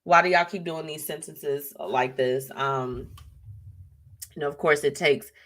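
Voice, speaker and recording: A woman hosting a live show in an easy, chatty way. She laughs often and throws in slangy asides. Her pitch jumps high and drops low as she reacts to viewer comments. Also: a little slow, fairly bright tone. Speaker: host.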